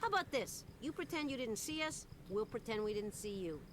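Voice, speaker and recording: A brash security guard. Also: female voice, fairly high pitch, sing-song, a little fast. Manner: brash and bargaining. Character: cocky security guard bargaining. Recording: faint distant game audio with noise.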